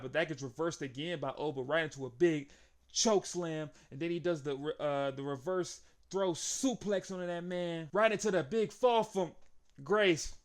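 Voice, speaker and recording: A young man giving an excitable, casual recap of a wrestling match, laughing often and acting out the wrestlers' lines. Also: fairly high pitch. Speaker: wrestling show reviewer.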